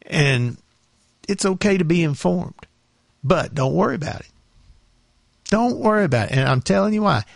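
A man hosting a morning radio show, chatting in a relaxed, folksy, easygoing way between records. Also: a little high, normal speed, creaky, no room sound, studio quality. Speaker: radio host. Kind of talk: casual radio chat. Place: radio studio.

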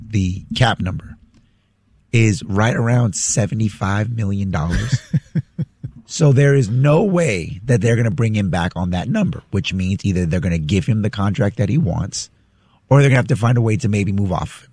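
A man co-hosting a sports radio show, laying out a football contract situation in a steady, explanatory way. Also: fairly low pitch, slightly rough, no echo. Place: radio studio.

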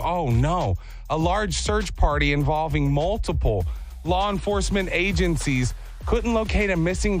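A man hosting a radio show, telling a news story in a casual, animated way and trying out playful voices. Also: high voice.

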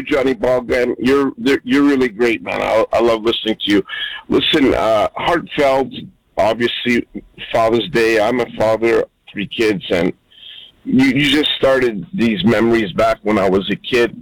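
An older man in his sixties calls in with a heartfelt story and lets it ramble along. His voice is gravelly and full of fry, and he sounds dry and close with no room around him. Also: mid-range voice, no echo, rough recording. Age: 60s. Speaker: caller. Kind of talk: call-in storytelling.

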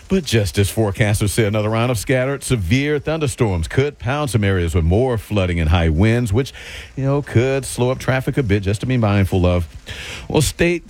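A man hosting radio, reading the news in a relaxed, lightly joking way. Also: medium pitch. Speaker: radio host and newsreader.

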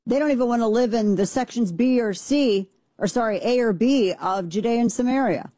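A woman's voice: a little high, brisk, dark tone, no echo. A woman commentator giving a blunt, emphatic opinion monologue that rambles with restarts.

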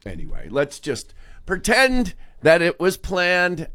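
A man's voice: sits high, wildly swooping pitch, slow, a bit bright, no echo. A man hosting a morning rock radio show, joking and laughing through casual banter with his co-host in a studio. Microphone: studio microphone.

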